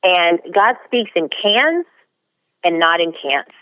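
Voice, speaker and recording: A woman's voice: lowish voice, animated, slow, no echo, dull audio. A woman author speaking as a guest, earnest and emphatic in a faith-based motivational talk, sometimes stumbling into repeated words.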